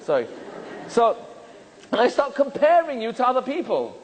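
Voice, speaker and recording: A rabbi giving a lecture to an audience, asking them many questions and joking with the room. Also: male voice, very high-pitched, huge pitch swings, moderate pace, long reverb tail, low-quality recording. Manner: jokes and laughs with the room.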